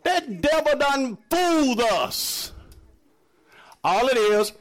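A man preaching a sermon, swinging from low murmurs to high shouts and joking with the congregation. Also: big pitch swings, takes it slowly. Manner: jokes and laughs with the congregation. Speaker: pastor.

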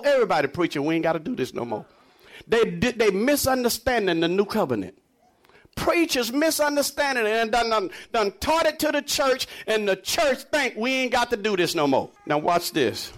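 High, lively voiced man preaching. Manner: animated preaching, swinging between low murmurs and high shouts; jokes and laughs with the congregation. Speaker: pastor. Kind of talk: sermon.

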